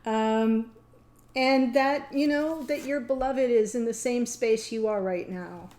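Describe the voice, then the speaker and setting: A middle-aged woman with a fairly high voice reads tarot cards for her viewers in a loose, chatty way. She wanders off on tangents, laughs easily and gets emotional as she goes. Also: slow pace, a little mellow. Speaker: tarot reader. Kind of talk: casual tarot reading to camera.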